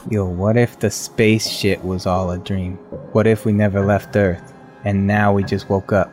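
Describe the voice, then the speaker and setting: A man's voice: fairly low pitch, little pitch movement, unhurried, a little mellow, faint music behind. A man in a tabletop role-play, speaking in character as a brash, confused young musician, casual and profane. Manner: casual, profane, street slang. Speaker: player.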